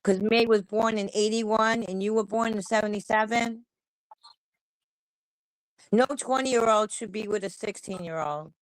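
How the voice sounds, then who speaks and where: A woman's voice: medium pitch, a little slow, pauses often, dry recording, rough recording. A woman hosting a livestream, ranting angrily and bluntly with heavy swearing. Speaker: livestream host. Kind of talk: heated commentary rant.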